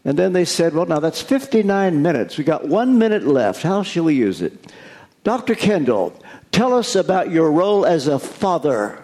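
A man's voice: fairly high pitch, sing-song, normal speed, darkish tone. An older American man, a pastor, giving an earnest, confessional sermon.

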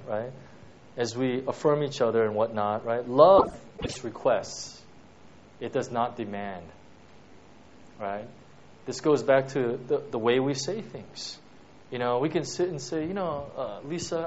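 A man's voice: medium pitch, a little hiss or hum. Conversational male preacher, lo-fi sound. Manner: peppers talk with "right?" and "you know". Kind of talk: conversational sermon. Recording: dull lo-fi recording.

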